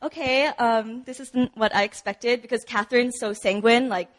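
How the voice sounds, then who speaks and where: Woman telling her faith story at church, chatty, lots of ums and little laughs, a bit high-pitched. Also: steady tone, normal speed. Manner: chatty, many fillers, laughs often. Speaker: church member giving testimony. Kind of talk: personal testimony at a church service. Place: church service.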